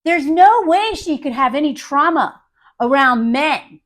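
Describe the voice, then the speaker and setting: A woman gives casual, sarcastic film commentary with a blunt edge. Her voice sits high and swings widely as she jokes. She sounds animated and unfiltered throughout. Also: measured pace.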